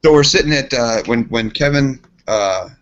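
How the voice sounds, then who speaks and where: A man co-hosting a podcast, telling a rambling story in casual chat, animated and laughing. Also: mid-range voice, normal speed. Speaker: podcast co-host. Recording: dull lo-fi podcast audio.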